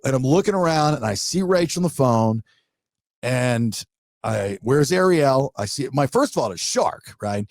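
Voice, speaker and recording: A man's voice: medium pitch, measured pace, dry recording, clean studio sound. A middle-aged man co-hosting a podcast, telling a story in casual chat and acting out what people said. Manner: animated storyteller who acts out what people said. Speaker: podcast co-host.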